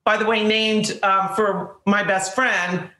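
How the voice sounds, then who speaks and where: Animated woman telling a story. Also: mid-range voice, takes it slowly, roomy sound, a little hiss or hum. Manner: animated storyteller, acts out quotes. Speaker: guest. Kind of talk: casual anecdote.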